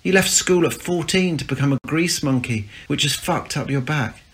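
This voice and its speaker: A man's voice: fairly high pitch, normal speed, fairly bright tone, pitched above the performer's own voice. A man voicing a bored, restless young office worker who craves more from life. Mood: snappy. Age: young adult. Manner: frustrated, sulky.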